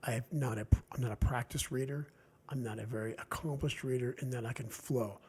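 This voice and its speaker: A man with a Delaware Valley accent, an author chatting on a podcast in a rambling, animated way. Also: medium pitch, brisk, slightly rough. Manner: rambling, animated, acts out quotes. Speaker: author guest. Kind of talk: casual podcast chat.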